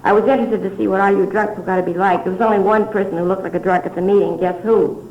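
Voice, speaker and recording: A woman's voice: medium pitch, fairly even intonation, fast, a little hiss or hum. An older woman speaking at a recovery meeting, telling her story candidly with little chuckles and asides. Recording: dull roomy 1970s hall recording.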